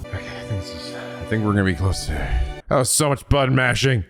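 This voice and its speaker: A young man hosting a let's play, chatting casually and profanely, laughing often and jumping between low mutters and loud yelps. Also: expressive, quick pace, gravelly, soft background music. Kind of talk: casual gameplay commentary.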